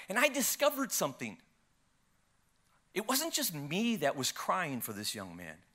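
A man preaching, his voice pitched high and ringing bright. He tells his story with wide leaps of pitch, surging loud and then dropping to a hush, like a practiced storyteller from the pulpit. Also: brisk. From United States. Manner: animated storyteller, swings from loud to hushed. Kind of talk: sermon with a personal story.

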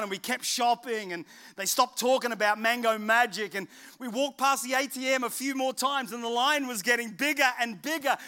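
A man's voice: very high voice, brisk, few pauses, soft background music. A middle-aged man preaching a sermon and telling a family story, acting out the voices of people in it. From England. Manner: animated, acts out voices of people in his stories. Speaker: pastor.

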